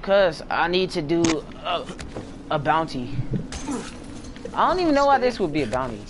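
A woman gaming casually, loud and teasing, often stretching her words out. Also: low voice, sing-song, normal speed, background noise. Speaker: gamer.

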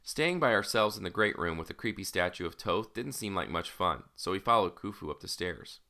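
A man's voice: sits low, very animated, a little fast, vocal fry, pushed and bright. A man narrating an audiobook in the first person, in a casual, wry storytelling manner.

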